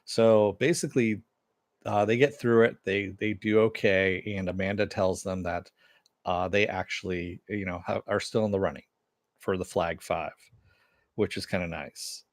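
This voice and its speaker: A middle-aged man with a lowish voice casually recaps a TV episode and reads chat comments aloud. He rambles with plenty of "uh"s and chuckles. The sound is dry and close. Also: fairly even intonation, normal speed, dry recording. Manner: rambling, many fillers, chuckles often. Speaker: TV show reviewer.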